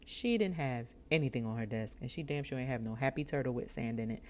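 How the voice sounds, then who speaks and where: Her voice extremely low and her delivery fast, a woman vlogger tells an expressive personal story. She frequently breaks into laughter and performs the voices of the people she describes.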